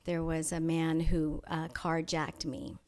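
A woman being interviewed, telling a personal story in a thoughtful, measured way with frequent pauses and restarts. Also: low-pitched, completely flat delivery, darkish tone. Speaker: interview guest. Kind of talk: reflective personal storytelling in conversation.

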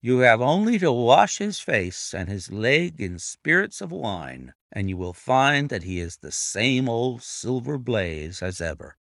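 A man's voice: mid-range voice, big pitch swings, unhurried, hardly any pauses, a bit bright, no room sound. A man reading a cool, imperturbable detective. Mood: pleased. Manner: cool, composed, dry. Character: calm, imperturbable male detective, middle-aged.

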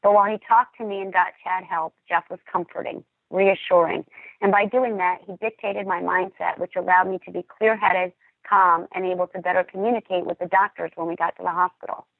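A woman who works as an emergency dispatcher, speaking on a podcast in a calm, earnest, measured way. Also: lowish voice, creaky, no room sound. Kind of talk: podcast talk, personal account. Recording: tinny phone-like line.

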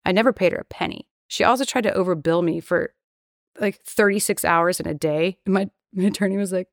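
A young adult woman with a gravelly, creaky edge to her voice tells a story in casual conversation. She is blunt and indignant, swears freely and slips into the voices of the people she quotes. The sound is dry and close, with almost no room echo. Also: fairly low pitch, a little fast. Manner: acts out quoted voices while retelling. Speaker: podcast guest.

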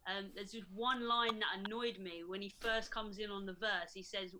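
A woman DJ giving her opinion of a new track on a radio panel. Her voice is bright and forceful, and she talks frankly and with energy. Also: medium pitch, moderate pace, few pauses, slight background noise. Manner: frank, lively critic. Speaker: DJ and panel guest. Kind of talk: casual panel chat.

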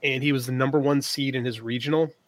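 A man's voice: mid-range voice, fairly even intonation, fast. A man in his thirties telling a personal story in a casual podcast chat, quoting himself and his son as he goes. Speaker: podcast co-host.

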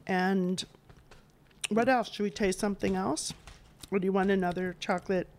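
A woman's voice: medium pitch, fairly even intonation, normal speed, darkish tone. A woman hosting a casual chat while taste-testing snacks, enthusiastic and reading product labels aloud. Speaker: host.

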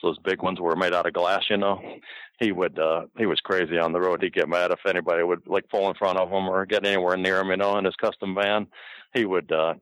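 A man's voice: low-pitched, a bit bright, no echo, poor audio. An older man and former wrestler telling casual, rambling stories from the road, full of fillers and restarts. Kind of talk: casual storytelling.

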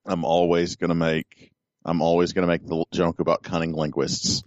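A man co-hosting a podcast, deadpan and drily joking in casual chat. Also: low-pitched, normal speed, dry recording, lo-fi sound. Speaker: podcast co-host.

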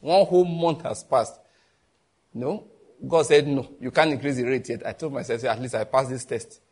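A pastor with a Nigerian accent and a medium-pitched, slightly rough voice preaches a sermon. He tells lively stories, slipping in quick asides and bursts of laughter.

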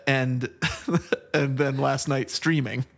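A man's voice: mid-range voice, steady tone, slow, creaky. A middle-aged man co-hosting a casual film chat, chatty, laughing often and trailing off into restarts. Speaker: podcast co-host.

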